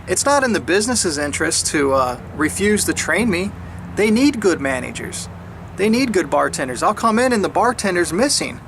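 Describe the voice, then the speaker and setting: A man's voice: sing-song, a bit bright, slight background noise. A man in a casual monologue, laughing often and mimicking people in exaggerated voices. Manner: mocking others in higher, slower put-on voices; frequent laughter and repeated restarts. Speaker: speaker sharing his views.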